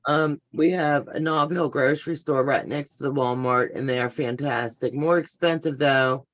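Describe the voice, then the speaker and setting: A woman's voice: extremely low pitch, moderate pace. A middle-aged woman hosting a live sewing show, chatting casually and telling stories while greeting viewers by name.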